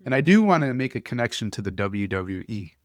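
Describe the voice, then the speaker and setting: A man hosting a podcast who tells stories in an animated, casual way, often restarting his sentences. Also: medium pitch, brisk, no room sound, clean studio sound. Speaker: podcast host. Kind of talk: casual conversational storytelling.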